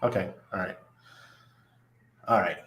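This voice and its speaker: A man's voice: low-pitched, measured pace, a bit bright. A middle-aged man hosting a casual livestream, chatting loosely, laughing often and reading viewer comments aloud. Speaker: livestream host. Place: apartment above a busy nightlife street. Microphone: studio mic at desk. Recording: echoey room.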